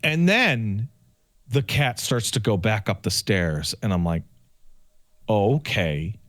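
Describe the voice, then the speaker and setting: A man co-hosting a podcast, telling a story in a casual, animated way and acting out the dialogue himself. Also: on the low side, unhurried. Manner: animated, acts out quoted dialogue. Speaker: podcast co-host.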